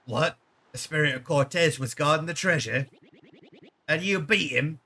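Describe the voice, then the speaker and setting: A man's voice: fairly high pitch, normal speed, sharp tone, breathy edge, exaggerated voice. Man putting on a pompous cowardly leader. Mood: scolding. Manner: theatrical, self-important, dramatic. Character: pompous cowardly male leader, grandiose and vain.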